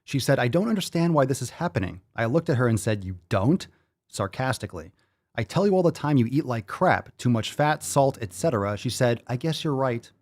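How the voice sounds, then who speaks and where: A man's voice: medium pitch, animated, a little fast, a little mellow. A man hosting a live-stream podcast, reading viewer comments aloud in a profane, hyped-up, sarcastic way. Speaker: podcast host.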